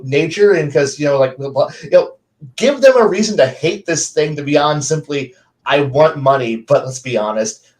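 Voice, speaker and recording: A man co-hosting a gaming podcast in casual, rambling, animated chat with many restarts. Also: medium pitch, poor audio. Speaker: podcast co-host.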